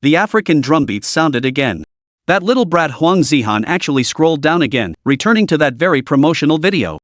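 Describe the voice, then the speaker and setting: A man narrating a web novel in an even, steady reading voice. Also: fairly high pitch, fairly quick, dry recording, clean studio sound.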